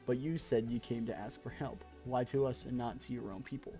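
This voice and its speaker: Formal young scholar-hero, a man reads the part, measured, a bit soft, faint music under it. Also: medium pitch, fairly even intonation, close to an everyday voice. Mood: earnest. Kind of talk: reading game dialogue aloud.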